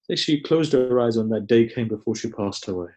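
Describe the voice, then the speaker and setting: A man giving a mournful sermon, recounting a tragedy in slow, grieving storytelling with dramatic pauses, sometimes dropping almost to a hush. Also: mid-range voice. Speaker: preacher. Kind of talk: mournful majlis sermon narration.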